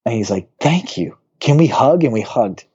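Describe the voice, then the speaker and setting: A pastor in his thirties tells a story with quick swings in voice, jumping up high when he acts out the people in it. His tone is mellow and a little dark. The audio is dull and lo-fi, like a basic podcast setup. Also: husky. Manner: animated storyteller who acts out quoted voices.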